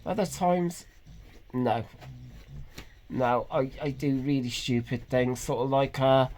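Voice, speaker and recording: A man, talking in a halting, hesitant way with many pauses and restarts in an earnest, emotionally raw personal vlog. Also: mid-range voice, steady tone, darkish tone, slight background noise. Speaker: vlogger. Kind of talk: personal confessional monologue.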